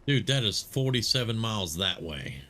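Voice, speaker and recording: A man's voice: lowish voice, very animated, normal speed, sharp tone. A man streaming a video game live, commenting in a chatty, muttering way as he plays.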